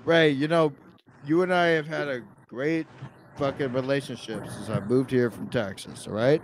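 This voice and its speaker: A drunk podcast host, a man talking in a loud, pushy and repetitive way in casual chat. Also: medium pitch, normal speed, a little hiss or hum, poor audio.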